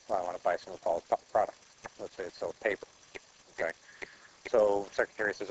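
A man with a quite low voice delivers a sermon in a casual, conversational way. He tells his points as everyday stories and drives them home with short, repeated exhortations. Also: fast talker, long pauses, lo-fi sound, a little hiss or hum. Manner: storytelling, acting out dialogue in plain voice; repetitive, exhortative phrasing. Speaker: preacher.

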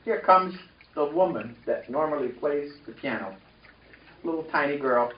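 Working the room with lively call-and-response, a high-voiced pastor delivers a sermon built around a personal story at a moderate pace. He stands well back from the microphone in a reverberant church sanctuary, and the recording comes across muffled, echoey and dull.

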